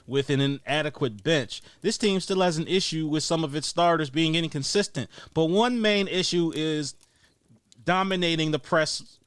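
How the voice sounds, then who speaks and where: A man rants about his team on a sports podcast, stressing every point and circling back to hammer it again. His voice sits a little high and the recording is close and dry. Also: clean tone, no echo. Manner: emphatic, repetitive, rising to near-shouting on points. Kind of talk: heated sports talk rant.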